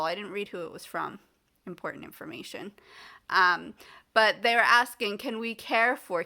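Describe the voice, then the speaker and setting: A woman's voice: medium pitch, sharp tone. A woman vlogger from the United States in casual chat to the camera, rambling with many fillers and acting out the people in her story with exasperation.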